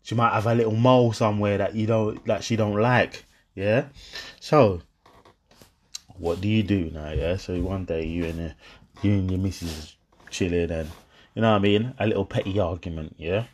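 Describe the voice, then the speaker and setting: A young man, talking in a casual monologue. He is animated and streetwise, uses slang, and acts out both sides of an argument. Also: low voice, normal speed.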